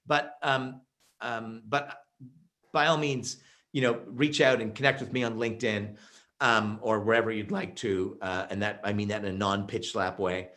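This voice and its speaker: A man with a fairly low voice delivers a keynote talk to an online audience. He tells stories with energy and emphasis, often with fillers and restarts. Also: fairly bright tone. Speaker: keynote speaker. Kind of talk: virtual keynote presentation.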